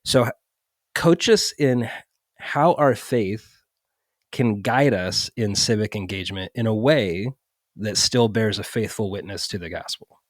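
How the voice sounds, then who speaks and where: Low-voiced male podcast host, dry sound. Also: a little slow, no room sound. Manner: thoughtful, sums up the guest's points. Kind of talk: interview questions.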